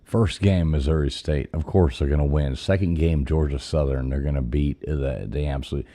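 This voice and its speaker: A man's voice: very deep voice, steady tone, moderate pace, warm tone. A man in casual sports chat, blunt and profane, laying out his opinions on college football. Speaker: podcast co-host.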